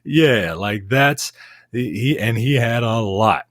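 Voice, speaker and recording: A man's voice: mid-range voice, takes it slowly, a bit bright, no echo, studio quality. A man co-hosting a podcast, chatting casually about movies, half joking, with many restarts. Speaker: podcast co-host.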